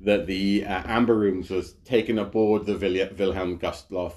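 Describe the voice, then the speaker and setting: A man's voice: sits low, steady tone, moderate pace, darkish tone. A man co-hosting a podcast in casual chat, rambling with many fillers and frequent laughs. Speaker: podcast co-host.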